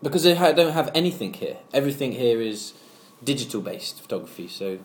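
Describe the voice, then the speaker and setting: An easygoing man of middle pitch co-hosts a casual chat, telling his stories in a relaxed way. The room is echoey, with a faint hum underneath. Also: fairly quick. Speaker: podcast co-host. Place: home studio. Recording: roomy echo, faint background hum.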